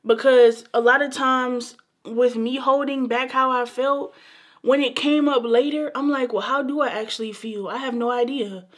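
High-voiced emphatic young woman. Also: fairly even intonation, normal speed. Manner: emphatic, repeats phrases, calls viewers baby and y'all. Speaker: beauty vlogger. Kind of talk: casual heartfelt talk to camera.

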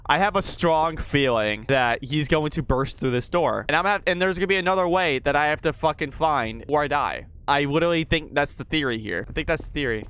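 A man's voice: a little high, a little fast, hardly any pauses, fairly bright tone, slight background noise. A young man commenting on a horror game as he plays, swearing often and jumping at noises. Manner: profane, jumpy, talks to himself while playing. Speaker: gaming YouTuber.

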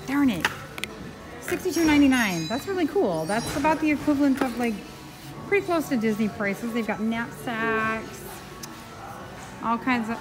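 A woman filming a casual travel vlog outdoors at a theme park, chatty and bubbly, cooing at the animals she passes. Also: fairly high pitch. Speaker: travel vlogger. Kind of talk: casual vlog walk-through.

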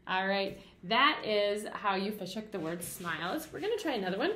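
A woman's voice: medium pitch, animated, brisk, a bit bright. Sing-song woman teaching kindergarten phonics. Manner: sing-song teacher voice, asks and answers questions. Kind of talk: phonics lesson for young children. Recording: roomy echo.

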